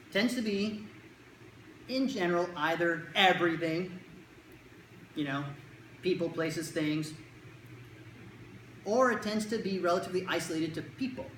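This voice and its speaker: A clinician giving a talk to parents, acting out children and parents in quick put-on voices. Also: medium pitch, fairly bright tone, roomy sound, a little hiss or hum, rough recording. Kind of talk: talk to a live audience.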